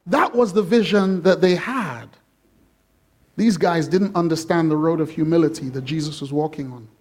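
High-pitched guy pastor doing a sermon in church, jokey and animated. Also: normal speed. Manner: animated and jokey, acting out quoted voices.

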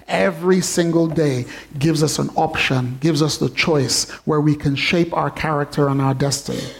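A man with a high-pitched voice preaching a sermon. He tells a story and builds up excitement as it goes. He often repeats words as he talks. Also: creaky.

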